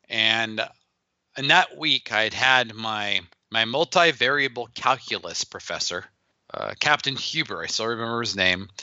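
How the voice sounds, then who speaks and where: A man's voice: medium pitch, no echo, highs cut off. A middle-aged man telling stories in an interview, acting out the dialogue he quotes. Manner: animated, acts out quoted dialogue. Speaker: guest, business founder. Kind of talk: storytelling in a podcast interview.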